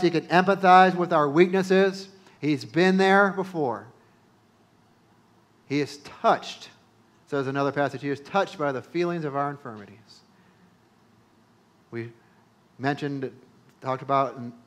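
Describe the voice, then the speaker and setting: Man preaching a sermon, kinda high voice, repeats himself, gets loud and fired up. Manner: emphatic, repeats phrases, builds to loud peaks. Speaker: pastor.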